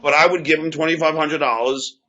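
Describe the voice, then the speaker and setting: Man, halting and stammering host, bright tone, dull lo-fi sound. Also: a little high, fairly even intonation. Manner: halting, stammering, repeats words. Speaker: comedian and show host. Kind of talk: defensive storytelling in an argument.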